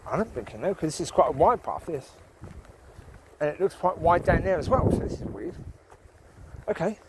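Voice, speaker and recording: Man, slightly high voice, rambling outdoor walk-and-talk, faint background noise, phone mic. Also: poor audio. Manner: chatty and rambling, talks to his dogs. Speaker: vlogger walking his dogs. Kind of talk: casual talk while walking outdoors. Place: outdoors by water on a rural path.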